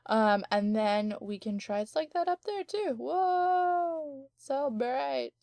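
Slow, chatty young woman gaming. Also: high voice, expressive, a little mellow, no room sound, clean studio sound. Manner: chatty, giggly, thinks aloud with frequent ums. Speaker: let's play gamer. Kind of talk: casual gameplay commentary. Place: home office.

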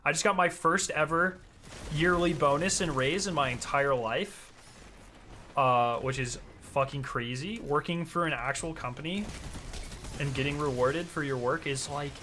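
Excitable young man streaming a shooter. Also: on the high side, slight background noise. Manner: excitable, swears freely, quick outbursts. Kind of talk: casual gameplay commentary.

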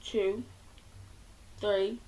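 A woman's voice: medium pitch, steady tone, extremely slow, warm tone, slight background noise, poor audio. A woman doing a casual dare challenge vlog, reading out dares and reacting with giggles. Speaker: vlogger.

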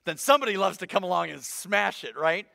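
Pastor guy preaching, high bright voice, really lively, chatty and playful. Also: fairly quick, gravelly, no room sound, studio quality. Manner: animated, conversational, acts out voices. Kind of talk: sermon.

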